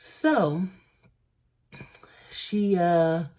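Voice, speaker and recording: Casting: young woman, low warm voice, AAVE, chatty storytime vlogger. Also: drawn-out words. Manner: animated gossipy storytelling, acts out quotes. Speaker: beauty vlogger. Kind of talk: casual storytime chat. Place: home, indoors.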